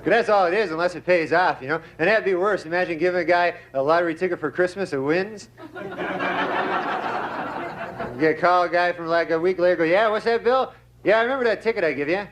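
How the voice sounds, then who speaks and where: A man doing a stand-up routine on a comedy club stage, with a drawling deadpan delivery and many "you know?" asides. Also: high voice, quick pace. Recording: live club recording with loud crowd and noise.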